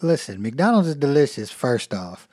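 A man in his thirties co-hosting a casual podcast, speaking in a laid-back, measured and reflective way. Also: medium pitch, sing-song, mellow, no room sound, studio quality. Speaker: podcast co-host. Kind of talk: casual chat.

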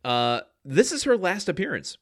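Podcast guy, bright lively voice, lots of ums, teasing his cohost. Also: high voice, normal speed. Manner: chatty, hesitant with ums, teasing. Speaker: podcast co-host. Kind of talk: casual chat.

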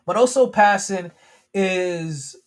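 A man's voice: high voice, takes it slowly. Slangy, rambling male podcast host. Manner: rambling, profane, frequent restarts. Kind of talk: casual sports podcast talk.

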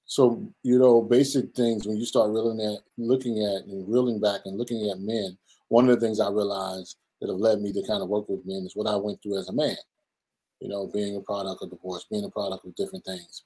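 A man's voice: lowish voice, mellow, husky, rough recording. Earnest preacherly man in an interview. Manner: earnest, preacherly, acts out quoted voices. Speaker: guest, pastor and men's ministry leader. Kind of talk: conversational interview.

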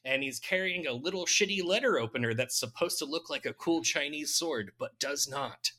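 Bright-voiced man recapping a film. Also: fairly high pitch, moderate pace. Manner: laughs often while recapping, dry jokes. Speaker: podcast host recapping a film. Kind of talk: casual chat.

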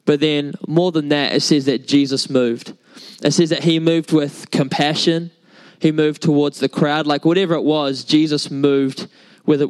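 In a roughly recorded church service, a young man from New Zealand delivers his sermon as relaxed, chatty storytelling full of filler words. His voice is a little high.

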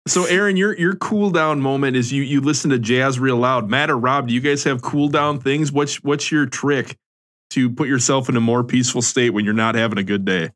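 A man's voice: medium pitch, normal speed, a bit bright. A man on a podcast teasing the others and tossing them questions in a casual chat. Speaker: podcast co-host.

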